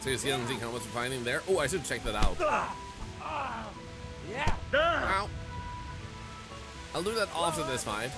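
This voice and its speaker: Playful, animated male game streamer. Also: mid-range voice, very fast, hardly any pauses, over music. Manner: playful, exclaiming, joking. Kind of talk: gameplay commentary.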